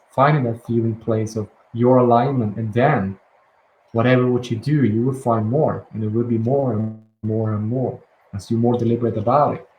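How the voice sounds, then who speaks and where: Gentle man guiding slow breathing. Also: mid-range voice. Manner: soft, slow and gentle, with calm pauses and restarts. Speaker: guided release teacher. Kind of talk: guided breathing and affirmation session. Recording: echoey room with faint ambient noise.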